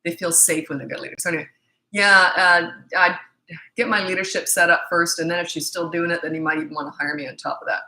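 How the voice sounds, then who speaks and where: A woman's voice: on the low side, fairly even intonation, fast, bright, forceful tone. A middle-aged woman parenting coach answering viewer questions in a live Q&A, blunt, confident and emphatic. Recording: echoey room.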